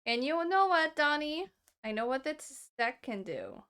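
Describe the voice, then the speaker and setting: Slow, smooth, high-voiced woman streamer. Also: big pitch swings, a bit bright. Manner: laughs often, playful. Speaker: streamer and card game player. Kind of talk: casual game-night chat.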